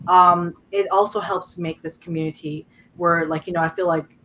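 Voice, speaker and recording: A woman's voice: on the low side, moderate pace, a little hiss or hum. A woman author chatting on a video call, telling stories with lots of "um" and "like". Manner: lively, chatty storytelling, many fillers. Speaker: guest author. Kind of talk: casual panel chat.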